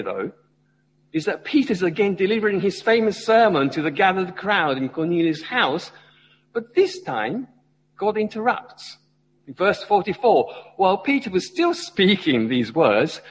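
A man's voice: high-pitched, very animated, moderate pace, breathy edge, in a large hall, rough recording. A man, a church member, preaching a sermon and asking his listeners questions as he goes. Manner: asks the congregation questions, rising and falling emphasis. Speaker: lay preacher.

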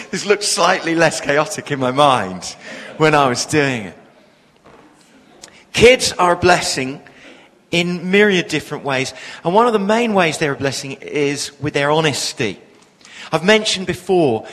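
A man's voice: on the high side, fairly bright tone, long reverb tail, rough recording. A man, preaching a sermon with humorous storytelling. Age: 40s.

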